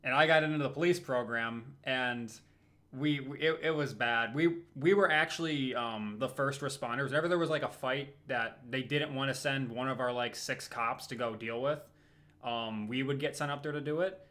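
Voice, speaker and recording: A young man in a casual livestream chat, with a mid-pitched voice. He tells his anecdotes at an easy pace and stumbles on a few restarts along the way. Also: normal speed, a bit bright.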